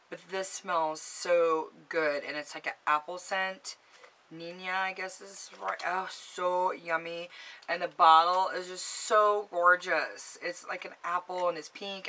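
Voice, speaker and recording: Bubbly woman with a bright voice. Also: lowish voice, poor audio. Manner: bubbly, gushing, chatty. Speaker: beauty vlogger. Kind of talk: casual haul chat to camera.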